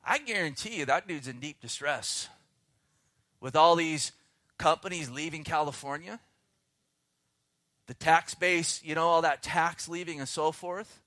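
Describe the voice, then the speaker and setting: Male preacher, slightly high voice, fervent sermon delivery with hushed dips. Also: no echo, clean studio sound. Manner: fervent preaching, swings between loud and hushed, slows to read scripture. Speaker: pastor. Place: outdoors.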